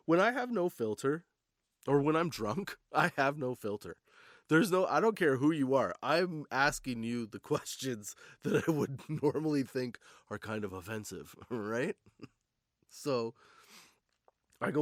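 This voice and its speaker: A man's voice: medium pitch, lively intonation, slow pace, long pauses, no echo, studio quality. A young man hosting a comedy podcast, telling a story casually, laughing often and swearing freely. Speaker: podcast host.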